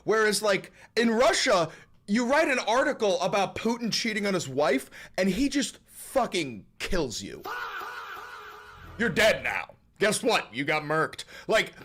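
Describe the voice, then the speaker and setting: A man's voice: sits high, a little slow. Streamer dude ranting, cussing, laughing at his own jokes, voice all over the place. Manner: animated, profane, laughing. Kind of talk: casual livestream rant.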